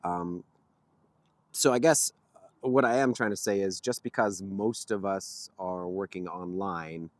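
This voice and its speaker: A man's voice: sits low, a little slow, dry recording. A man vlogging outdoors near a street, telling a story casually in a rambling way with frequent chuckles. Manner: rambling, chuckling, with many fillers.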